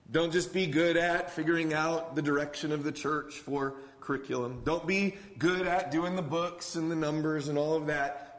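A man's voice: on the high side, in a large hall. A man preaching a sermon as a pastor, talking in an earnest, conversational way with casual asides.

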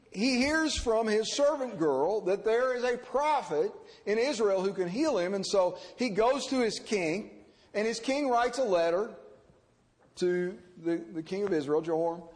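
A man preaching an expository sermon, animated and acting out the people he quotes. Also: high voice. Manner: animated, acts out quoted characters. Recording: reverberant hall.

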